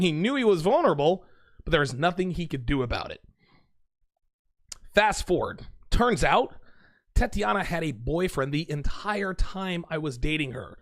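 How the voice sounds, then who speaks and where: A man's voice: a little high, a bit bright, no echo. A man casually telling a rambling, confessional dating story.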